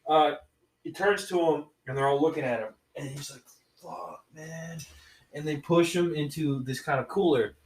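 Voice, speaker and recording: A man's voice: fairly high pitch, a little fast, darkish tone, echoey room, distant mic, rough recording. A man casually retelling a movie plot on a podcast, rambling with many restarts. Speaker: podcast co-host reviewing movies.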